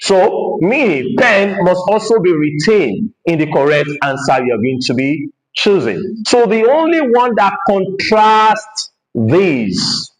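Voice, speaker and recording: A man, a teacher explaining a lesson from a board, repeating points and pausing with frequent hesitations. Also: sits high, very animated, echoey room, rough recording. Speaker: English teacher.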